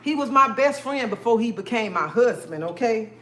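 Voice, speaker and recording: A woman's voice: on the high side, expressive, normal speed, a little hiss or hum. Emphatic woman ranting on a live stream. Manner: emphatic and repetitive, calls listeners honey and baby. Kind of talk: live-stream rant to viewers. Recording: echoey room.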